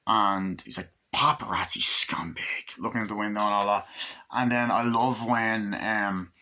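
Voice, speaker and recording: A man's voice: lowish voice, fairly even intonation, moderate pace, pushed and bright. A man reviewing a movie in a casual, rambling recap, full of "like" and quoted lines. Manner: rambling, retells scenes with lots of "like" and quoted lines.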